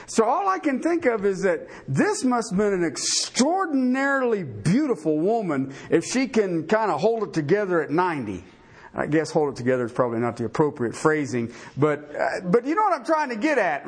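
A man's voice: high voice, big pitch swings, moderate pace, slightly rough. A man preaching a sermon to a live congregation, folksy and joking, often asking questions and stumbling over his restarts. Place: church before a live congregation.

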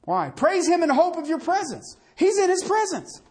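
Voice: extremely high pitch, normal speed. Preacher going at it, voice swings way up and down, lots of "see?" and "guess what?" questions, folksy. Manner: animated, rhetorical questions, folksy phrasing. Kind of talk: sermon.

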